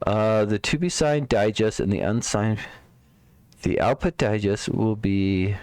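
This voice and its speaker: Slow, muttering man debugging code aloud. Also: fairly low pitch, a little mellow, smooth, dry recording. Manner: muttering to himself, trailing off, repeating words. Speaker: live-streaming programmer.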